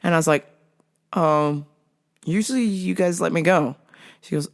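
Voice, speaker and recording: A woman's voice: on the low side, moderate pace. A woman hosting a podcast, telling a comic story in a casual, profane way, acting out her own reactions and laughing often. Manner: laughs often between lines. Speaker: podcast host.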